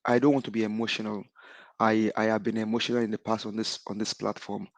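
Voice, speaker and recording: A man's voice: fairly low pitch, flat delivery, fast talker, no room sound. A middle-aged Nigerian man calling in to a show, giving a fervent speech that denounces his targets with repeated declarations. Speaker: caller. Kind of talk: impassioned call-in speech.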